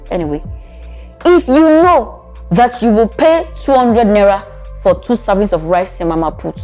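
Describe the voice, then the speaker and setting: Nigerian woman giving lively relationship advice. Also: medium pitch. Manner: animated, plays both sides of arguments. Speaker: relationship coach. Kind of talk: advice vlog.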